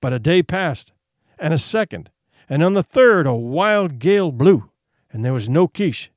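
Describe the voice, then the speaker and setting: A man reading a tale aloud with expressive storytelling. His voice is on the higher side and moves a lot in pitch. The recording is dry, with no room sound. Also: a little slow, dry recording. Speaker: narrator. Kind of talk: audiobook narration.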